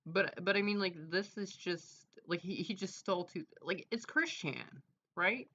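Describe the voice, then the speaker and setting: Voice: mid-range voice, measured pace, bright, forceful tone, lo-fi sound. A streamer chatting casually and rambling, full of fillers and trailing thoughts. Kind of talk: casual livestream chat.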